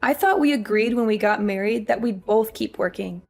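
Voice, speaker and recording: An actress playing an exhausted young working wife, weary and pleading. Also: female voice, medium pitch, normal speed, gravelly, soft background music. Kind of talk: audio drama acting.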